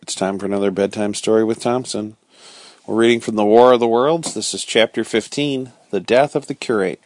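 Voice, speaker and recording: A man reading a bedtime story aloud with dramatic, expressive storytelling. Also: fairly low pitch, a little fast.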